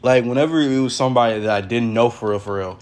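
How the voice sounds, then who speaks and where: Speaking quickly in a medium-pitched, slightly mellow voice, a young podcast host records a laid-back solo episode at his brother's place. He wanders from point to point, leaning heavily on fillers such as "like" and "for real."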